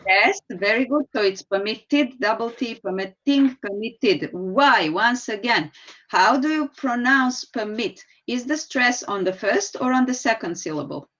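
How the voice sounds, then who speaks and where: Teacher on a dull call. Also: female voice, on the high side, expressive, a little slow, a bit bright. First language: Serbian. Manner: patient, explanatory, calls on students by name. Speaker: English teacher. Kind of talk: online grammar lesson.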